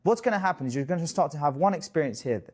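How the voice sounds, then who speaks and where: A young man talking straight to camera as a dating coach, casual and jokey, swearing freely and tossing in quick asides. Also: a little high, lively intonation, darkish tone, husky. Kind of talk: direct-to-camera coaching talk.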